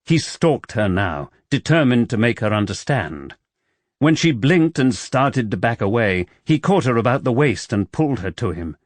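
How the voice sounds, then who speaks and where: Expressive male audiobook narrator. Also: mid-range voice, no room sound. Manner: expressive, measured storytelling. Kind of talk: scripted narration of a romance novel.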